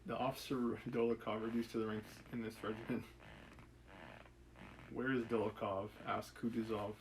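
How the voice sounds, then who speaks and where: A man's voice: lowish voice, level tone, brisk, slight background noise, low-quality recording. A man reading a classic novel aloud on a live stream, musing and correcting himself between passages in casual commentary. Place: home setup, live stream.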